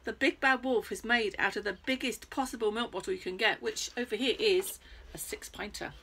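A British woman presenting a crafting lesson for young children, animated and playful, speaking straight to the kids. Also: on the high side, brisk, noisy background. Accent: British English.

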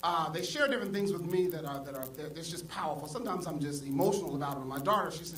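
A male pastor preaching a sermon, swinging from soft asides to loud exclamations. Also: on the high side, expressive, fast, hardly any pauses, distant mic. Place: church sanctuary. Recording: echoey church hall, mic from afar, congregation audible. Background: congregation.

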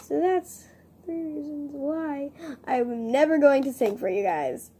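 A woman's voice: high voice, a little slow, background noise. Giggly rambling young woman vlogger. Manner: chatty, giggly, rambling and self-mocking. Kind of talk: casual vlog chat.

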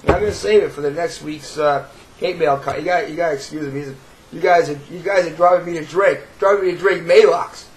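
A man's voice: fairly high pitch, fairly quick, a little hiss or hum, poor audio. A man with a New York accent, ranting to camera in a profane, sarcastic, rambling way with many restarts. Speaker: video blogger.

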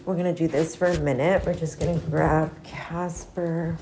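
A woman's voice: sits low, expressive, slow, warm tone, a little hiss or hum. Hyper woman hosting a morning livestream. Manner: hyper, playful put-on accent. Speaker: livestream host. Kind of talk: casual livestream chat. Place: home.

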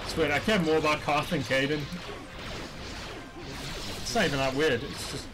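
A man with a high voice talks casually through a game stream, chatty and swearing freely as he reacts to the screen. Faint game music plays under his voice. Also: moderate pace. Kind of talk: casual gameplay commentary.

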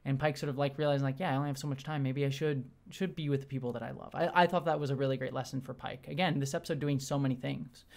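A young adult host rattles through a casual solo review at high speed, in a mid-range voice. The talk gushes, full of fillers, restarts and quick asides. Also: fairly even intonation, creaky, a little mellow. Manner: gushing, fast-talking, many restarts and fillers. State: briefly teary. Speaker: show host reviewing episodes.

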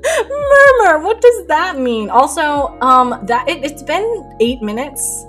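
A woman's voice: high voice, sing-song, takes it slowly. Giggly chatty young woman streamer. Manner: chatty, rambling, giggly, reads chat aloud. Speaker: art streamer. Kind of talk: casual live-stream chat while painting. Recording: faint music under voice. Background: soft lo-fi music.

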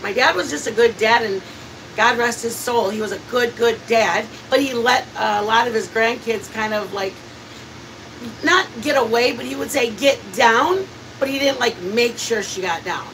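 A woman's voice: a little high, moderate pace, recorded from a distance, a little hiss or hum, rough recording. A woman hosting a cooking stream, chatting and laughing as she tells family stories. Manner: chatty, laughing, animated storyteller. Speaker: cooking channel host. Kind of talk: casual storytelling while cooking on a live stream.

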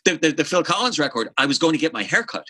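A man in his fifties, a session bassist guest telling animated, profane stories in a casual interview. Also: fast talker, slightly rough, no room sound, poor audio. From Ireland. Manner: animated, profane, hums bass lines.

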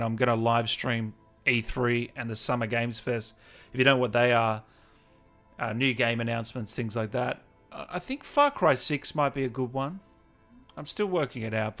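A man hosts a gaming livestream in a loose, chatty way, reading out viewer comments and laughing often. His voice sits at an ordinary middle pitch. Faint music plays underneath. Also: fairly bright tone. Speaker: gaming livestream host and interviewer. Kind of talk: casual livestream chat.

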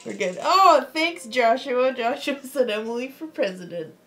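A woman's voice: a little high, moderate pace. Giggly woman in her twenties. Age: 20s. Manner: giggly, reads viewer comments aloud. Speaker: co-host reading chat. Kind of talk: casual livestream chat.

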